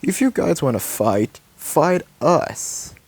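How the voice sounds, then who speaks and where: A man's voice: on the high side, lively intonation, takes it slowly, darkish tone, dry recording, voice pushed up, full character voice. A man voicing a brash young male hero leader who barks commands in a home-read fan story. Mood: defiant.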